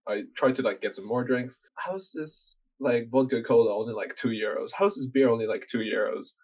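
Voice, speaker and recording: A man's voice: medium pitch, moderate pace, darkish tone, breathy edge, poor audio. A young man from Norway chatting casually on a podcast, rambling through a story full of fillers and swearing. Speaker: podcast guest telling a story. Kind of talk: casual chat.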